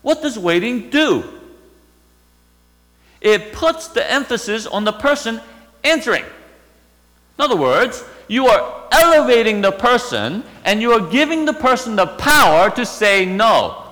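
A man's voice: high voice, big pitch swings, unhurried, bright, forceful tone, long reverb tail, poor audio. A man preaching a sermon, retelling a story and asking rhetorical questions.

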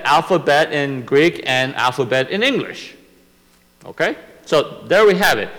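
A man teaching a Bible lesson, explaining slowly and step by step, often restarting his sentences. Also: a little high, a bit bright, big-room sound, low-quality recording.

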